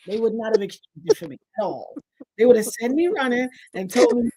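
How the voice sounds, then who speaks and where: A woman hosting a livestream, telling a funny story in an animated, preachy way and laughing often. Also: a little high, fast. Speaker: livestream host. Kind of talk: lively storytelling chat.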